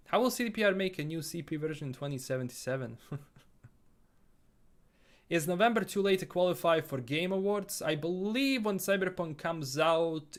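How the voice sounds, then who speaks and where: A man from Bosnia with a Bosnian accent, casually reading viewer comments aloud and answering them on a live stream. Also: fairly high pitch.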